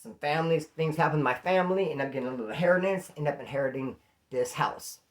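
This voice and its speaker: Male storyteller, casual and animated, jumps into the voices of people in his stories. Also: fairly high pitch, quick pace. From California. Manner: animated, acts out quoted voices. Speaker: storyteller host.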